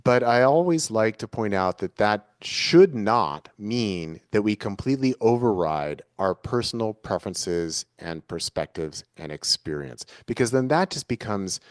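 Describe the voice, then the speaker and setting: A man with a somewhat low voice, answering as an interview guest in a reflective, conversational way. He talks earnestly and keeps circling back to restate each idea in new words. The sound is dry and close, with hardly any room echo. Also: lively intonation, measured pace, hardly any pauses.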